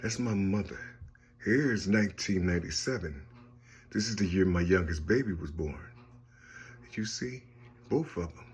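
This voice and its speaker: Slow, halting man, rambling monologue. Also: sits low. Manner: repetitive, searching, keeps asking "you see?"; slow, halting, often trails off softly. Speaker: speaker sharing personal visions.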